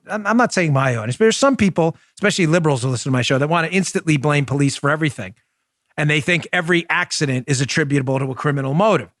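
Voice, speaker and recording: A man in his forties with a New York Queens accent hosts an opinionated talk show in a fairly high voice. He speaks emphatically and keeps putting rhetorical questions straight to his listeners. The recording is dry and close. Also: fairly bright tone, no echo. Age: 40s.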